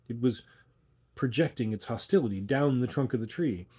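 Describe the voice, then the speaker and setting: Male storyteller, husky mid-pitched voice, measured audiobook narration of a ghost tale. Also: dark tone. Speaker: audiobook reader.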